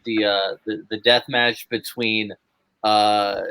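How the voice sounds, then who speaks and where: A man talking on a wrestling podcast in casual chat, halting with frequent fillers. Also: fairly low pitch, level tone, pushed and bright, clean tone, no room sound, poor audio.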